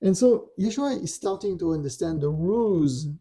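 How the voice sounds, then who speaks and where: A man telling a spiritual story in relaxed conversation, often adding "you know" and "right". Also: high voice, normal speed, breathy edge. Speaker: storyteller guest.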